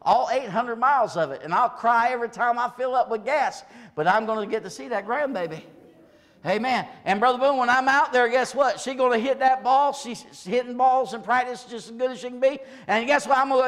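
An older man preaching a Pentecostal sermon in a church service, swinging from hollered peaks to low, confiding asides. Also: fairly quick, a bit bright, long reverb tail. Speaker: pastor.

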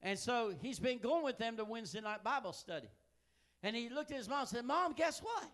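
An older man preaching a sermon, telling folksy family stories that swing from hushed asides to loud, emphatic peaks. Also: very high voice, lively intonation, fairly quick. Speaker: pastor.

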